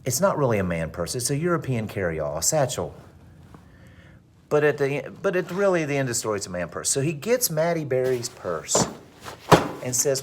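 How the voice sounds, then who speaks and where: A male teacher telling a dramatic story to his class with animated delivery. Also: mid-range voice, normal speed, noisy background. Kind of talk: storytelling in a lesson.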